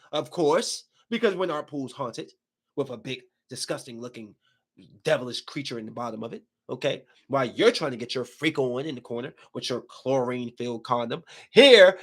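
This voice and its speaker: A man with a fairly high voice rambles through a story in casual podcast chat. He talks in an animated, emphatic way, circling back and repeating himself for effect. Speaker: podcast host.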